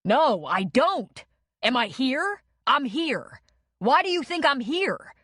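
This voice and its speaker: A woman voicing an angry young man, a former actor, shouting defensively after a fight. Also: high-pitched, very animated, slow, no room sound, clean studio sound, pitched above the performer's own voice, heavily acted. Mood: heated.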